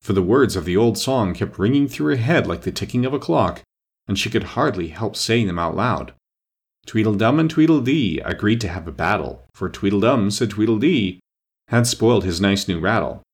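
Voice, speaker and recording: Gravelly, husky male audiobook narrator. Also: lowish voice, expressive, normal speed. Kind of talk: scripted narration.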